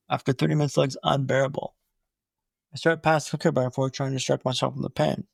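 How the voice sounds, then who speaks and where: A young man telling his own story in an animated way, with punchy short phrases. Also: fairly high pitch, vocal fry, dry recording, clean studio sound.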